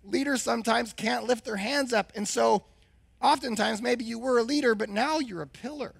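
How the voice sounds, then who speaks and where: A male pastor preaching a sermon with a hoarse, husky voice, since he has lost his voice, and asking the congregation questions. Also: very high-pitched, normal speed, no room sound.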